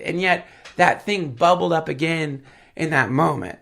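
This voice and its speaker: A man's voice: fairly high pitch, normal speed, creaky, a bit bright. A man telling rambling stories as a podcast guest, full of fillers and swearing, sniffling with a head cold. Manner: rambling, filler-heavy, profane storytelling. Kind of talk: casual podcast chat.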